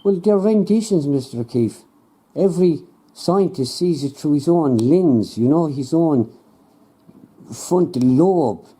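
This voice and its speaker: Man doing a smug scientist voice, high-pitched, husky, dark tone, condescending. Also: expressive, slow pace, exaggerated voice. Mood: patronizing. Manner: condescending, patronizing, repeatedly dodging questions. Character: smug, evasive male scientist showing planet images. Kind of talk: comedy sketch, improvised two-hander.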